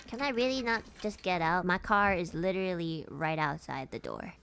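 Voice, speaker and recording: A woman's voice: mid-range voice, animated, moderate pace, crowd noise. A young woman streaming a horror game, jumpy and playful, swearing, joking, screaming and laughing as she plays. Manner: playful, jokes about the story. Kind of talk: horror game let's play commentary.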